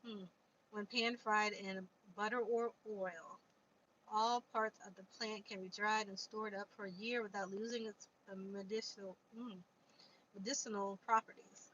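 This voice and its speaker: A woman's voice: mid-range voice, fairly even intonation, moderate pace, pushed and bright. A woman casually chatting on a livestream, answering viewer comments and reading aloud from a book. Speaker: livestream host. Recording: dull lo-fi stream audio with faint noise.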